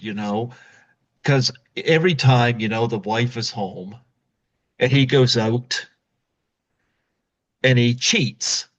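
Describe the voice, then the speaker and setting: A male podcast host in casual conversation, retelling a film with animated storytelling and acted-out quotes. His voice sits mid-range, and the recording is dull and lo-fi. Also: medium pitch.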